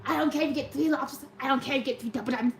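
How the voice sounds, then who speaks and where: A man voicing a stern, furious woman librarian who scolds and demands quiet. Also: very high-pitched, racing, vocal fry, faint music behind, heavily acted.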